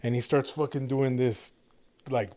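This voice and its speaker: A man's voice: medium pitch, steady tone, a little slow, no room sound. A man co-hosting a podcast, telling a road-rage story in casual, profane chat with lots of restarts. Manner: acts out shouted road-rage quotes. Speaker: podcast co-host.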